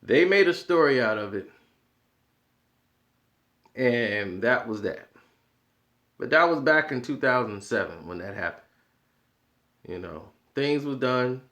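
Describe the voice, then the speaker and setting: A man hosting his own commentary channel, talking in an animated, argumentative way and laughing often. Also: medium pitch, takes it slowly, long pauses. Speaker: boxing commentary channel host. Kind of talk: opinionated casual commentary.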